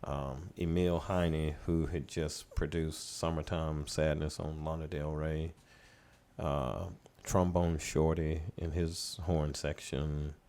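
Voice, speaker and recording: Man, very low voice, middle-aged, relaxed rambling storyteller, podcast guest. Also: slow pace. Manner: relaxed, rambling anecdotes, laughing as he tells them. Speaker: recording studio owner and producer, guest. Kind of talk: casual storytelling in a podcast interview.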